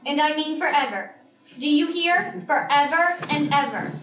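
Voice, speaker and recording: A woman's voice: sits high, moderate pace, a bit bright, slight background noise. A girl playing a pleading, frightened young bride. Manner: pleading, desperate. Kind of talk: high school stage play. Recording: echoey auditorium from far off.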